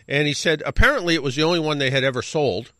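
A man's voice: a little high, fast, bright, forceful tone, no room sound. A middle-aged man hosting a radio show, telling a rambling anecdote in a casual way, correcting himself and adding wry asides. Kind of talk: casual storytelling.

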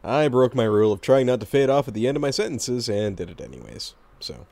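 A man's voice: medium pitch, animated, a little fast, darkish tone, no room sound. A man co-hosting a podcast in casual chat, with an offhand manner and casual swearing. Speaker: podcast co-host.

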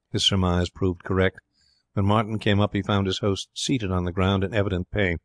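A man reading a story aloud as an audiobook narrator, in a measured, deliberate way. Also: low-pitched, little pitch movement, no echo. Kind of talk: scripted narration.

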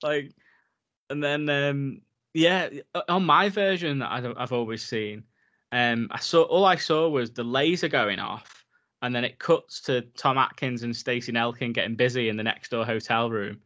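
A relaxed man talking films on a podcast. His voice sits in a middle register, and he rambles loosely with plenty of fillers. He slips into reading notes aloud now and then. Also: medium pitch, moderate pace, highs cut off. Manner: laid-back, rambling with many "like"s, reads facts aloud. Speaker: podcast co-host. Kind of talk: casual film chat.

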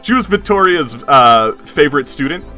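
A man narrates as game master, rambling with plenty of ums and easy laughter. His voice sits slightly high with a bright, forward tone. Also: animated, normal speed, faint music behind. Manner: rambling, filler-heavy, laughing often.

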